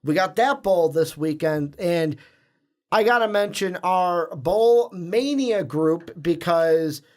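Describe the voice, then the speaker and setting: A man's voice: a little high, a little mellow. A man co-hosting a sports podcast, chatting casually and rambling, stumbling over names. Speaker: podcast co-host.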